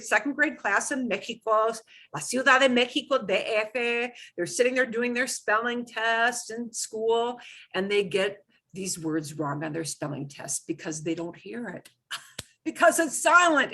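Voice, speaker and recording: A woman's voice: on the high side, pushed and bright, husky. A woman teaching a beginners' Spanish class, explaining pronunciation patiently and repeating words for students to echo.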